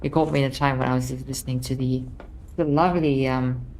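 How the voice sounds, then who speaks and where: A young woman streaming a game, chatting and reacting excitably to what happens on screen. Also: very deep voice, fast talker, slight background noise. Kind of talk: live game stream commentary.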